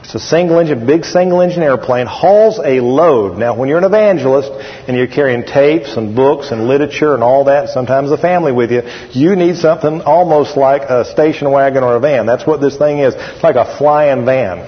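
Speaking a little fast in a mid-range voice, a middle-aged preacher delivers a folksy, story-driven sermon. He repeats phrases and prompts the congregation to answer back, all captured in a dull, echoey hall.

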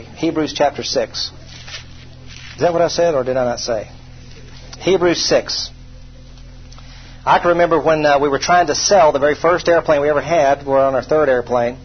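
A man's voice: on the high side, moderate pace, highs cut off, slight background noise. A man preaching a sermon in a folksy, conversational storytelling way, poking fun at himself and asking the congregation questions. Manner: folksy, self-deprecating, asks the congregation rhetorical questions.

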